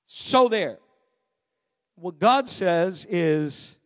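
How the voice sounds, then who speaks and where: A male preacher delivering a sermon, emphatic, swinging between loud shouted passages and quiet, low asides. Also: a little slow.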